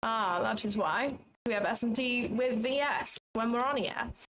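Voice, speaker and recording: A woman's voice: fairly high pitch, moderate pace, fairly bright tone, a little hiss or hum. Chatty woman thinking aloud while trading. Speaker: trading livestream host. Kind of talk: live commentary while trading.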